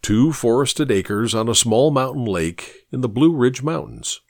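Narrating an audiobook, a man tells the story at a measured pace, his voice lively and roaming across a wide pitch range. There's a creaky quality to it, and the recording is dry and close with no room sound at all.

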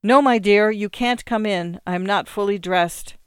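A roguish comedian with a wry, put-upon manner, from a storybook reading by a narrator. Clear and smooth, with a dry sound. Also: medium pitch, normal speed, dry recording, close to an everyday voice.

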